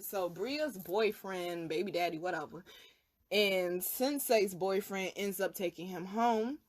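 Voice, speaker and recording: A woman's voice: medium pitch, a little slow. A young woman hosting her own channel, telling a personal story in a casual, emphatic, profane way. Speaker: vlog host, spiritual reader.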